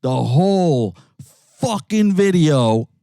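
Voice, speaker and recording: A man from New York talks fast and loose, swearing freely and slipping into impressions of other people as he tells stories. His voice sits fairly high for a man. The sound is dry and close, with no room around it. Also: dry recording. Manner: animated, swearing storyteller who mimics voices. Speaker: podcast co-host. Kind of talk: profane casual chat in a car. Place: inside a jeep.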